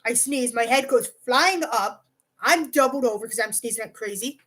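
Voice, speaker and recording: Speaking at a moderate pace in a fairly high pitch, this vlogger is heard on poor audio. Her storytime monologue to the camera wanders, swears freely, and leans heavily on "like." She stays lively and keeps jumping into tangents and asides.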